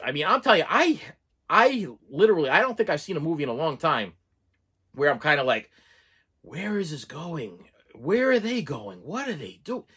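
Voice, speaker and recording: A man giving a rambling, animated horror movie review, mocking the characters in put-on voices. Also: fairly high pitch, moderate pace, husky.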